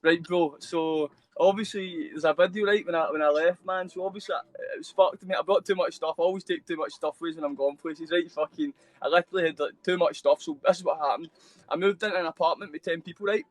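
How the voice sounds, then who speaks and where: A young man with a Scottish accent talks at a fast clip in a fairly high voice, his stories spilling out in loose, rambling runs. He swears freely and drops mate and bro into nearly every line. He's a guest on a live video call. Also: no room sound, poor audio. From Scotland. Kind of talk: casual storytelling interview.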